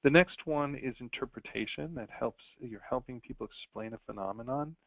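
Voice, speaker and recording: A man's voice: medium pitch, animated, normal speed, gravelly, dry recording. A middle-aged man, a pediatrician giving a webinar lecture in a conversational way, often acting out sample lines to parents. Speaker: pediatrician presenter. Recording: dry, phone-like webinar audio.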